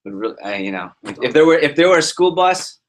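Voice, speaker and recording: A man giving a motivational talk to his sales team as their liaison, animated and joking, acting out little scenes. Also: fairly high pitch, fast talker.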